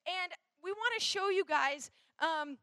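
A woman's voice: very high voice, a little slow, sharp tone, dry recording. A woman from Minnesota giving a chatty, rambling youth sermon, full of fillers and asides.

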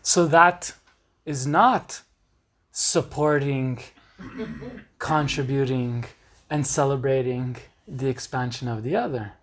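A man's voice: mid-range voice, slow pace, long pauses, a bit bright. A man hosting a solo podcast, talking earnestly and emphatically with casual swearing. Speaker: podcast host.

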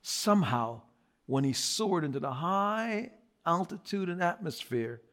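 A man preaching a sermon as pastor, swinging from loud emphatic repetition to quiet dramatic storytelling. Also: high voice, lively intonation, unhurried.

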